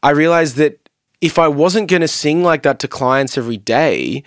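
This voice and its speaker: On a stand-mounted studio mic, clean and echo-free, a young man with a slightly high voice chats casually as a podcast guest. At a moderate pace, he spins rambling, profanity-laced, lively tales of his career as a singer and producer.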